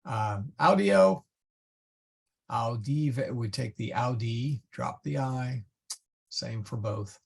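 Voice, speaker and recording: A man teaching a Latin class, explaining slowly and patiently with many fillers. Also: medium pitch, expressive, gravelly, slightly rough. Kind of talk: online class lecture.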